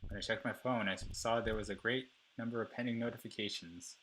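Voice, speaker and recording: A man's voice: lowish voice, fairly even intonation, fast talker, a bit bright, a little hiss or hum, natural voice. A man voicing an anxious, kind schoolgirl who narrates her worries from a story game in a plain voice. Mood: uneasy.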